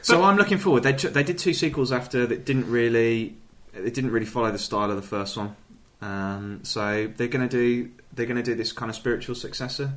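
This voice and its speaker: A man's voice: mid-range voice, fairly even intonation, brisk. A man hosting a casual gaming podcast, laughing often as he moves through the segments. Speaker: podcast host. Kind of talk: casual chat.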